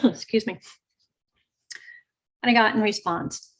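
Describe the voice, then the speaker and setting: A woman hosting a show, telling a personal story in a chatty, lively way and acting out the quotes. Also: a little high, takes it slowly, slightly rough. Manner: chatty, animated retelling with acted quotes. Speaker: host. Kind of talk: casual storytelling.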